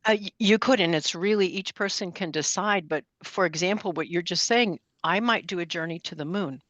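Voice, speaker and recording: Podcast guest: woman in her 60s, low-pitched, measured and reflective, dry close sound. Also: a bit bright, dry recording, highs cut off. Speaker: guest astrologer. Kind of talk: podcast interview.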